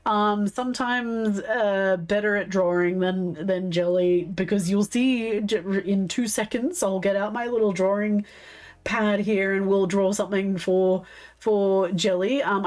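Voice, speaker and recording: An Australian woman with a hoarse, fading voice, chatting casually as a livestream co-host. She giggles a lot and reads out chat. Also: medium pitch, moderate pace, darkish tone. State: hoarse, losing her voice. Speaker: stream co-host and moderator.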